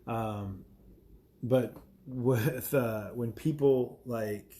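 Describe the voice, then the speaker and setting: Man, live streamer, casual chat, rambling, lots of fillers, average pitch. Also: very slow, mellow. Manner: rambling, many fillers, chuckling asides.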